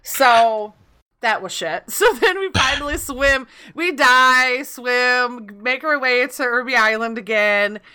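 Woman, higher voice, bright, animated storyteller, casual gaming chat. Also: slow, clear, resonant tone.

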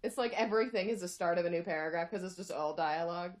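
A woman's voice: lowish voice, quick pace. A young woman reading a fan fiction aloud for laughs, breaking off into sarcastic, rambling asides.

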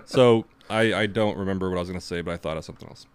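A young man co-hosting a podcast in casual chat, rambling with a dark sense of humor. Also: low-pitched, racing, smooth. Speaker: podcast co-host.

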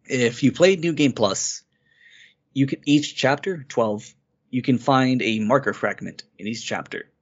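Speaking at an unhurried pace with a medium-pitched voice, this man co-hosts a podcast and rambles eagerly through a game's plot as part of a casual review chat. The audio sounds dull and lo-fi.

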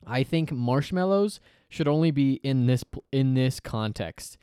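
Giggly, rambling podcast host. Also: male voice, mid-range voice, animated, measured pace, dark tone, smooth, dry recording, studio quality. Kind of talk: casual podcast chat. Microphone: podcast mic on an arm.

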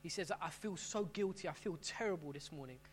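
A middle-aged pastor preaches a sermon in a fairly high-pitched voice, speaking a little fast and conversationally, often restarting his phrases. There's a little hiss or hum on the recording.

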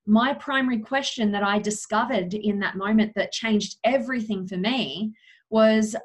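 A young woman guest in an interview, earnestly telling a personal story, slowing down for emphasis with frequent "you know" fillers. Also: mid-range voice.

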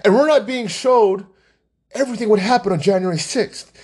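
A man's voice: high voice, normal speed, a little mellow, slightly rough. A man ranting about politics in an agitated, angry way, often repeating himself. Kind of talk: heated political rant.

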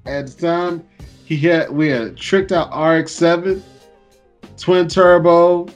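A man's voice: fairly high pitch, slow pace, lo-fi sound, soft background music. A man co-hosting a podcast, telling stories animatedly and swearing freely in casual chat. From Florida. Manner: animated storyteller acting out voices, swears freely. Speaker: podcast co-host.

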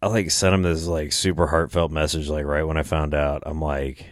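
A man's voice: extremely low pitch, level tone, normal speed, hardly any pauses, no room sound, clean studio sound. A young man telling an emotional story about a friend, choking up and swearing, laughing through the tears. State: choked up, close to tears. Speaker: hunting personality.

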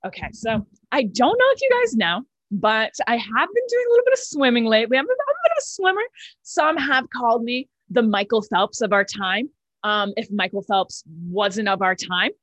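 A nineteen-year-old woman with a fairly high voice, hosting a comedy club call from home. She talks in a chatty, self-mocking way and brags in mock deadpan. The laptop mic sound is dry and close. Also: moderate pace, no room sound, rough recording. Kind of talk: casual chat and stand-up set. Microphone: laptop mic on a video call.

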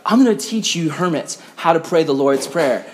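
A man's voice: on the high side, lively intonation, moderate pace, close to an everyday voice. A man voicing a famous, self-important priest who loses patience, in a fairly natural voice. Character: proud celebrity priest, impatient older man.

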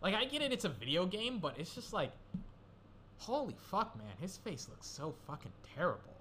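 A man's voice: high voice, very animated, normal speed, pushed and bright, a little hiss or hum. A young man rambling through casual solo commentary, swearing and getting worked up as he goes. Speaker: gaming commentator.

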